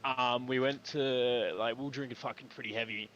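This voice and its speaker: In a muffled, noisy recording, a young Australian man chats while gaming on stream, telling a long, slangy yarn with plenty of swearing. His medium-pitched voice is steady and a bit bright, at a normal speed.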